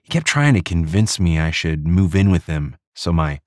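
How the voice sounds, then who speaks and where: A man's voice: low-pitched, sing-song, normal speed, no room sound, clean studio sound. A male narrator voicing a tough, blunt female ex-Army soldier, wry and direct.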